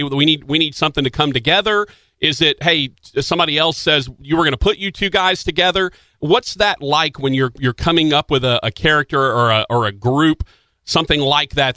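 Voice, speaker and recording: A man hosting a radio talk show, asking lively questions with many restarts. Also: on the high side, no echo. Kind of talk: radio interview. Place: radio studio.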